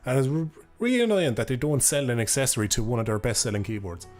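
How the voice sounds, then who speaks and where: A man's voice: medium pitch, very animated, fast, a little mellow, faint music behind. A young Irish man chatting casually on a live stream, rambling, laughing and swearing offhandedly into a desk microphone.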